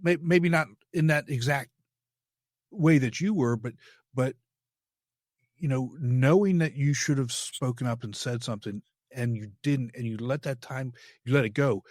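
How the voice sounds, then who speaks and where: Man, podcast host, halting speech, frequent restarts, dry close sound. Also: medium pitch, darkish tone, no echo. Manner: halting, many restarts and repeated words. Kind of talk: casual interview chat.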